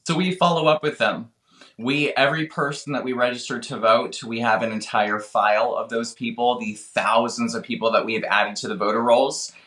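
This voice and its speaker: A man's voice: mid-range voice, steady tone, normal speed, pushed and bright, echoey room. A man answering as a guest on a political show, talking in an earnest, urgent and pleading way. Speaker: guest, voter registration organizer. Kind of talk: interview answers.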